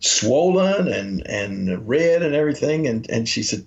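A man's voice: medium pitch, very animated, measured pace, hardly any pauses. A man, a podcast co-host telling rambling anecdotes and acting out the quotes in them. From Memphis, Tennessee. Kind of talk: casual storytelling. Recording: dull lo-fi audio.

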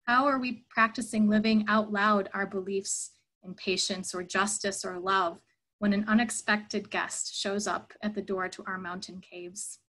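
A woman's voice: mid-range voice, steady tone, unhurried, bright, forceful tone, rough recording. A woman giving a reflective sermon at an online church service, earnest and thoughtful, telling a story.

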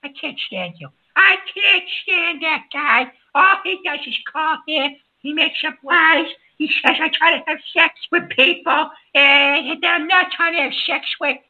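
Man voicing a very high-pitched, furious call-in host; quick to insult callers. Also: bright, forceful tone, heavily acted. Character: hot-tempered older male radio host. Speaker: radio show host. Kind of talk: comedic call-in radio bit. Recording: lo-fi muffled audio.

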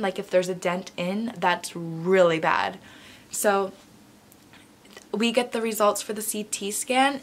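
A young woman talks straight to her viewers in a casual vlog. She tells a personal story in a chatty, lively way. She acts out the lines of the people in it. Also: mid-range voice. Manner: chatty, animated storytelling with many likes. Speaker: vlogger.

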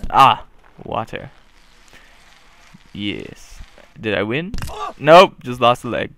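Goofy gamer with gravelly yelps. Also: male voice, mid-range voice, very animated, takes it slowly. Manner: goofy, bursts into loud yelps. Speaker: gaming commentator. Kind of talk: let's play commentary.

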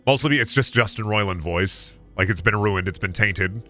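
A man's voice: fairly low pitch, moderate pace, pushed and bright, soft background music. A young man streaming a game, chatting casually in a joking, profane, self-mocking way. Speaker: gaming streamer. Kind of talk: casual live-stream chat.

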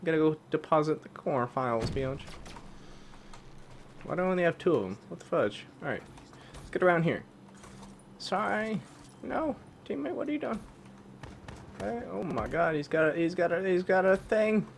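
A young man giving excitable live commentary on a video game, yelping and swapping swears for "fudge". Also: fairly high pitch, moderate pace, gravelly, long pauses, a little hiss or hum. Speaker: gaming channel host.

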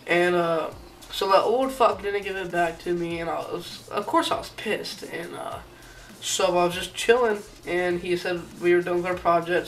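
A man's voice: high-pitched, a bit bright, recorded from a distance, low-quality recording. A teenage boy vlogger telling a school story in a rambling, profane, aggrieved way. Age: teens. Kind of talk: casual storytime rant.

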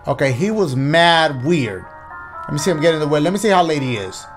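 A man with a notably high voice riffs through a let's play with loud, profane, excitable banter. He talks in quick slang and reacts to everything out loud. Faint background music plays under his commentary. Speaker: gaming YouTuber.

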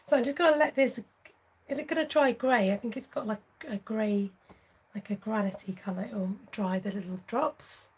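A woman with a slightly high, mellow voice talks through a relaxed livestream craft tutorial. Her tone carries a light husky edge, and she chats freely and laughs easily between steps. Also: normal speed, pauses often, poor audio. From United Kingdom. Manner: chatty, laughs often, reads viewer comments aloud. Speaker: craft channel host.

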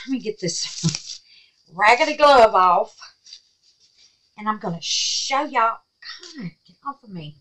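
A woman's voice: fairly low pitch, expressive, a little slow, long pauses, fairly bright tone, rough recording. A woman hosting a crafting vlog at home, chatting in a folksy, affectionate way and often dropping to a near whisper. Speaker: crafting channel host. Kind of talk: casual crafting vlog chat.

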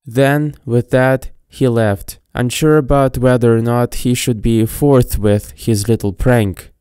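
Very deep, dark-voiced woman narrator. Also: fairly even intonation, takes it slowly, clean tone, dry recording, studio quality. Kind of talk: storybook narration of fan fiction. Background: faint background music.

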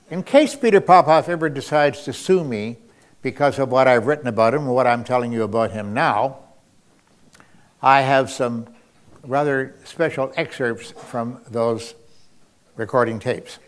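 A man telling an anecdote in a wry, unhurried way, often pausing with fillers and chuckling. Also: medium pitch. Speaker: storyteller. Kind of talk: anecdotal talk.

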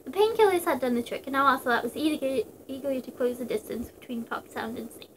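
Giggly high-voiced young woman reader. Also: lively intonation, fast, hardly any pauses, fairly bright tone, slight background noise. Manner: giggly and rambling. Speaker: channel host reading fan fiction. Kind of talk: casual story reading.

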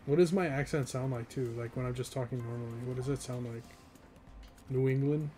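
A man's voice: medium pitch, a little fast, warm tone, soft background music. A young man in his twenties, from the northeastern US, chatting casually and rambling with chat while streaming a game, often laughing.

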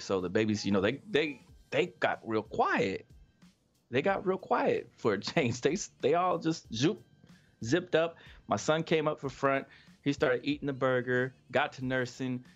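A man's voice: medium pitch, expressive, normal speed, highs cut off, faint music behind. A man hosting a casual chat, telling a story with laughter and acting out quoted voices. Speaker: podcast host.

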